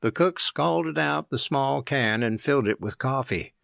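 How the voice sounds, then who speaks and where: Gravelly, dry male audiobook narrator. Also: medium pitch, no echo. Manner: measured, even storytelling. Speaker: audiobook reader.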